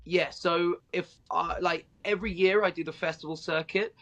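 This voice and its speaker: A southern English man in his thirties tells stories as a guest, his accent lightly tinged with Australian vowels. His voice sits a little high for a man, and he talks in an animated way, full of ums and restarts. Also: normal speed, muffled recording. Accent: southern English, slightly Australian. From southern England. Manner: animated storyteller with frequent fillers and restarts. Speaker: guest, stand-up comedian. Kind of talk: casual interview chat.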